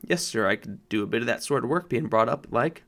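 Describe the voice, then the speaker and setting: A man voicing a humble, plain-spoken London cabman with rough working-class speech in an audiobook. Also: mid-range voice, animated, quick pace, sharp tone. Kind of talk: audiobook narration.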